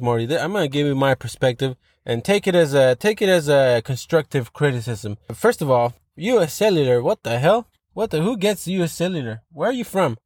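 A man hosts a podcast and rants through online posts, sarcastic, rambling and swearing freely. His voice sits a little high. The sound is dry, with no room echo. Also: lively intonation, fairly quick, few pauses, a little mellow. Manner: profane, sarcastic, rambling ranting. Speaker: podcast host. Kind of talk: reading and ranting about online posts.

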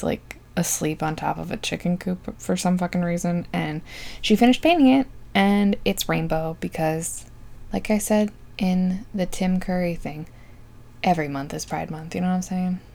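A woman's voice: lowish voice, normal speed, gravelly, darkish tone. A young woman casually recapping a movie, chatty and sarcastic, full of likes, ums and asides.

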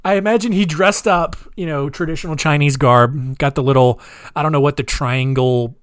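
A male host telling a true crime story in a casual, chatty way, sarcastic and quick to laugh. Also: fairly high pitch, steady tone, smooth, no room sound, clean studio sound. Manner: chatty, laughs at his own jokes, sarcastic.

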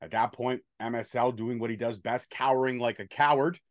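A man's voice: medium pitch, fairly even intonation, fairly quick, dry recording. Man, host, casual chat, profane banter, play-by-play recap, dry close sound. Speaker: podcast host recapping wrestling.

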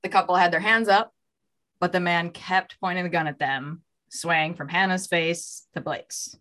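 A woman hosting a podcast tells a crime story in a relaxed, chatty way. Her voice sits a little low but sounds bright and forward. She narrates with fillers and asides. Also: normal speed. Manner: reads out a story with fillers, voicing quoted lines. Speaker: podcast host telling a true crime story.

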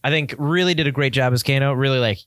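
A man's voice: mid-range voice, quick pace, fairly bright tone, dry recording, studio quality. A man co-hosting a casual movie chat, giving emphatic, opinionated breakdowns. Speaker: podcast co-host.

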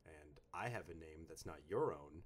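Playful man with a lively, swooping voice. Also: a bass voice, normal speed, a little hiss or hum. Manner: playful, theatrical, jumps between mumbling and loud outbursts. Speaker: podcast co-host. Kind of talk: casual chat, reading listener notes.

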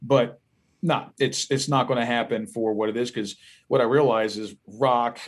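A man from the musician side of a podcast chat, with a Philadelphia accent, recounts lively, profanity-filled stories casually. He has a medium-pitched voice and speaks at normal speed.

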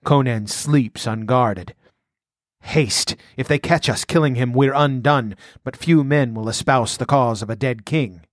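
A man's voice: mid-range voice, measured pace, no echo, studio quality, close to an everyday voice. A man voicing a scheming male conspirator leader who hisses orders and roars commands. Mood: eager. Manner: hissing orders, then roaring.

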